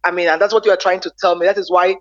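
A man's voice: high-pitched, level tone, racing, fairly bright tone, no echo, muffled recording. A man in conversational discussion, talking hesitantly and restarting his words.

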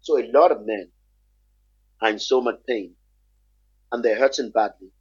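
Man, husky, earnest, emphatic, repeats himself, dry close sound. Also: medium pitch, normal speed, dry recording, lo-fi sound. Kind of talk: conversational discussion.

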